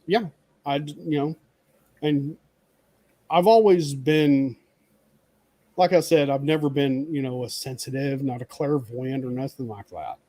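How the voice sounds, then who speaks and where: A man's voice: mid-range voice, measured pace, pauses often, dark tone, no echo. A man co-hosting a casual chat, telling stories in a rambling way full of fillers. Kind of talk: casual storytelling.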